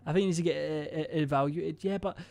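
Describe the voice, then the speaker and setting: A man's voice: fairly high pitch, steady tone, fast talker, creaky, darkish tone, faint music behind. Young man, rambling stream chat. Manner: rambling and hesitant, full of fillers and swearing.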